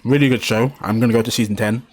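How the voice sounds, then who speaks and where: A man hosting a casual podcast chat, swearing freely and getting excitable as he retells things. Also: medium pitch, quick pace. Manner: swearing, excitable, acts out shouted quotes. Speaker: podcast host.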